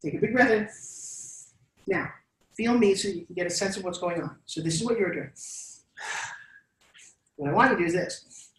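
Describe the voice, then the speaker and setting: A woman's voice: on the low side, normal speed, long pauses, far from the mic. New York woman coaching a class. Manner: animated, coaxing instructor directing students. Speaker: on-camera presence coach. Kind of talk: live workshop teaching. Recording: echoey classroom from afar.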